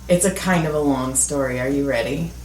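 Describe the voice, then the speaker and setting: A woman's voice: a bass voice, fairly quick. A middle-aged woman co-hosting a podcast, telling a comic story with lots of laughter and swearing. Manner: animated, laughing storyteller who swears freely. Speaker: podcast co-host. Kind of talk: casual comedic storytelling. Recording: echoey room, mic at a distance, faint noise.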